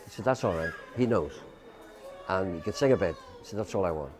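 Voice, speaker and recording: An older Irish man tells a rambling story as an interview guest. His pitch sits low but swings widely as he acts out the other people in the tale. He leans on lots of fillers between lines. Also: expressive, fast talker, a little mellow. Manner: rambling storyteller who acts out quoted voices, many fillers. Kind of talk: anecdotal storytelling.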